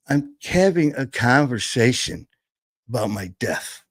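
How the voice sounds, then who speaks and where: A man telling a personal story, candid and blunt, swearing freely and pausing often. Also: on the low side, no room sound. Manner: halting, full of fillers and restarts.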